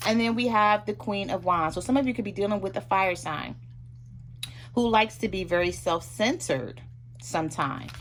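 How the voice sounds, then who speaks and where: A woman's voice: medium pitch, a little hiss or hum. A woman giving a casual tarot reading to her viewers, chatting freely and acting out what both partners might say. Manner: chatty, acts out both sides of a relationship in quick asides. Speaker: tarot reader.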